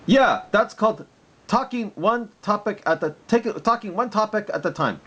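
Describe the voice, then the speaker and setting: A man voicing a preachy online debater in a mock Arabic accent, slow and lecturing. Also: high-pitched, animated, sharp tone, lo-fi sound, pitched above the performer's own voice, heavily acted. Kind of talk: mocking impression in a video reply.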